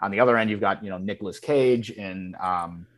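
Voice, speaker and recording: A man's voice: lowish voice, brisk. A man co-hosting a podcast, chatting casually about a film in a rambling way, with lots of restarts. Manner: rambling, heavy on fillers and restarts. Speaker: podcast co-host.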